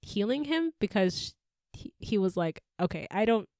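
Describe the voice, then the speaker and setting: A woman co-hosting a podcast, adding context to a book recap in a measured, explanatory way. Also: medium pitch, sing-song, darkish tone, no echo, clean studio sound.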